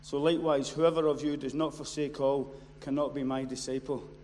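A man preaching a sermon. He moves from quiet storytelling to loud, impassioned shouting. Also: medium pitch, fairly even intonation, moderate pace. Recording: long hall reverb, faint noise.

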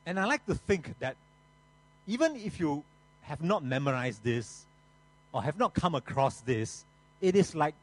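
A man's voice: medium pitch, low-quality recording. A man pastor preaching a sermon, folksy and joking, with asides to the congregation.

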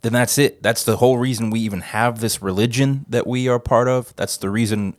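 A man's voice: medium pitch, fairly even intonation, fairly quick, dry recording. A man hosting a casual church podcast from an office studio, chatty and rambling and ready to laugh at himself. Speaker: podcast host.

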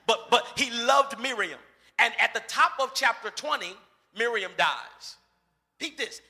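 A man preaching a lively sermon, acting out the voices of bible characters and shouting for emphasis. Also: very high voice, measured pace. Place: church sanctuary. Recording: reverberant church hall.

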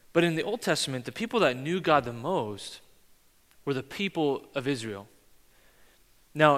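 A young man, a pastor, preaching a sermon and telling a personal story in an animated way, acting out the dialogue. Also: on the high side, in a large hall.

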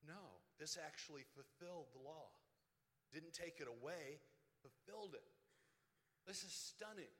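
A man preaches a sermon in a bright, forceful voice that sits a little high. He reads scripture slowly and deliberately and presses his listeners with rhetorical questions. The sound carries a long reverb, as if in a large hall. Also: animated. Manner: emphatic, slows down to read scripture aloud.

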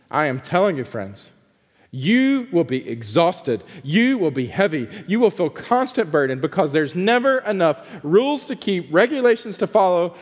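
A man preaching a sermon as a pastor, swinging between forceful emphasis and hushed pleading. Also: sits high, in a large hall.

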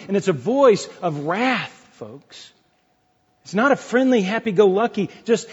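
A man's voice: high voice, darkish tone, husky. A middle-aged man preaching a sermon as pastor, emphatic and repeating key phrases, with conversational asides to the congregation. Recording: dull lo-fi sound with long hall reverb.

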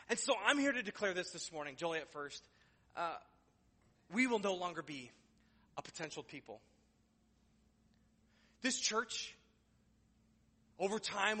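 A man's voice: high-pitched, bright, forceful tone, long reverb tail. A man preaching a sermon as pastor in a church, conversational and joking, building to emphatic declarations. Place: church sanctuary.

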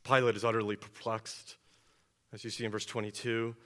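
A man preaching an expository sermon, asking rhetorical questions and dropping low and quiet for emphasis. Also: flat delivery, normal speed. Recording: long hall reverb.

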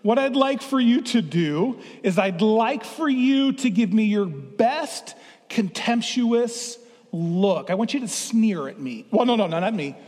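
A middle-aged pastor with a high-pitched voice leads an interactive sermon, playful and drawing his congregation in. His words ring out with a long reverb through a church sanctuary. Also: lively intonation, measured pace, a little mellow.

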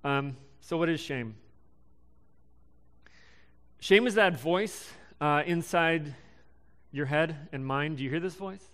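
A young man in his twenties giving a casual sermon, halting and full of ums and restarts. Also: on the high side, a bit bright. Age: young adult. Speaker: preacher.

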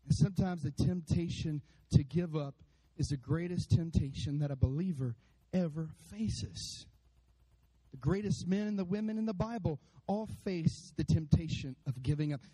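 A man preaching a sermon to his church, animated, acting out voices and calling out to the congregation. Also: a little high, normal speed, husky, low-quality recording. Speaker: pastor. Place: church sanctuary.

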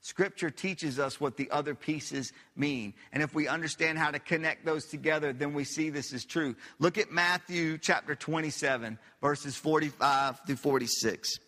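Male pastor preaching in a church sanctuary; bright, driving delivery, rhetorical questions to the congregation, echoing hall. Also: a little high, normal speed, hardly any pauses. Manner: emphatic, repeats phrases, asks the audience questions. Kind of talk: sermon.

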